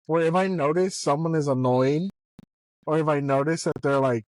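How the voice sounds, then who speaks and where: A man's voice: fairly high pitch, normal speed, dry recording, low-quality recording. Joking man in casual banter. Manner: joking, provoking, laughs a lot. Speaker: podcast host. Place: car while driving.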